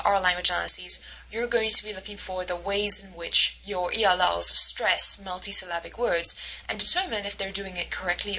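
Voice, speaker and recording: A woman instructor giving a recorded lecture over slides, explaining patiently and slowing down to model the stressed words. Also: mid-range voice, bright, forceful tone, a little hiss or hum, poor audio. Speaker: university instructor.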